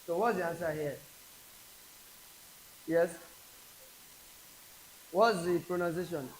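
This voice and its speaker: A man with a Nigerian accent teaching an exam prep English class, slowly repeating each word aloud for drilling. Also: on the high side. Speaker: English tutor. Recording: echoey classroom with faint hiss.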